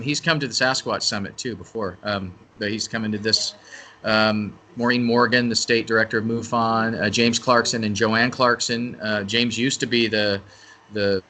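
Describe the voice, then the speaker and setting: A man's voice: lowish voice, bright, forceful tone, a little hiss or hum. A man speaking as a guest on a radio interview, talking casually and rambling, often restarting and correcting himself. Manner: rambling, self-correcting talker. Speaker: event organizer and interview guest.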